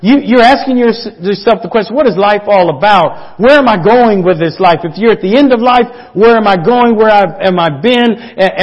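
A man preaching a sermon as pastor, swinging between loud emphatic peaks and soft hushed asides. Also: sits high. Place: church. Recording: dull lo-fi church audio.

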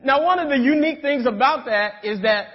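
A young man with a very high voice preaches a conversational sermon at a fairly quick pace, telling stories and checking in with listeners by asking "right?" The church sanctuary recording sounds dull, with long reverb.

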